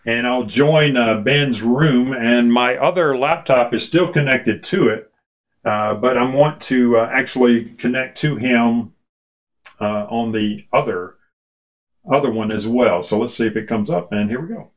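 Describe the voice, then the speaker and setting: Heard through a ceiling beamforming array mic, the audio sounds dull as a medium-pitched man speaks a little slowly. He's a product demo presenter giving a casual, chatty tour of a conference audio setup, with fillers and restarts along the way.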